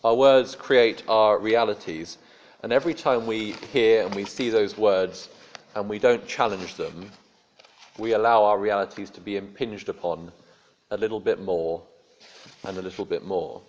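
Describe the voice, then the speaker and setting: A man's voice: fairly low pitch, unhurried, slight background noise. A man preaching a sermon in a conversational storytelling way with dry humor. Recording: dull lo-fi sermon recording.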